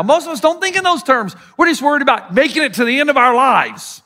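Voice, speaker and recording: With an extremely high pitch and hardly a pause, a middle-aged preacher rushes through his sermon. His Southern US accent colors the animated stories, and he performs each quoted person himself.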